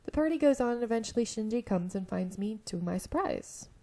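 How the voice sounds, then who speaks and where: A young woman with a slightly hoarse throat, reading an otome game aloud and often stopping to laugh and comment. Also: fairly high pitch, animated, a little fast, mellow. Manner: giggly, breaks off to laugh and comment. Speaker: let's-play video creator.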